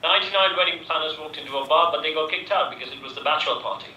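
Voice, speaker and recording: A man's voice: on the high side, rapid-fire, bright, forceful tone, a little hiss or hum. A man telling improvised jokes, recorded from a distance in an echoey room through a dull mic. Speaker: improv player.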